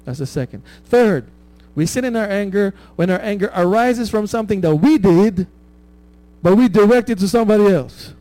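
A man's voice: high-pitched, lively intonation, moderate pace, dark tone, dry recording. A man preaching a conversational sermon, often asking "right?" and laughing at his own stories.

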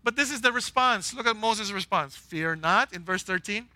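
A male pastor preaching an animated, humorous sermon and acting out quoted voices. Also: high-pitched, moderate pace, no room sound.

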